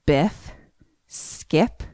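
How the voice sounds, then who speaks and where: A woman's voice: drawn-out words, no room sound, studio quality. A woman co-hosting a podcast, telling a movie plot in casual chat and acting out the characters' lines with swearing. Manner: animated retelling with acted-out quotes and swearing. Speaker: podcast co-host.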